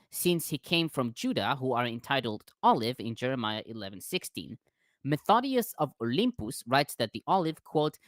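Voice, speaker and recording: A man's voice: medium pitch, dry recording, clean studio sound. A man hosting a discussion, carefully reading out scholarly commentary. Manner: careful reading with lively intonation.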